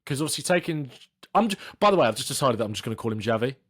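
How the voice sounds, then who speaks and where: A man's voice: mid-range voice, very animated, racing, dry recording, clean studio sound. A man co-hosting a casual football podcast, chatty and jokey, often trailing off into fillers. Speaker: podcast co-host.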